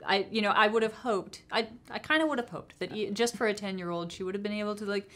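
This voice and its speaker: A woman's voice: mid-range voice, fast talker, fairly bright tone. A woman in her thirties chatting casually as host, telling what happened with lots of fillers. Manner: chatty, many fillers, recounts and quotes others. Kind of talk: casual chat.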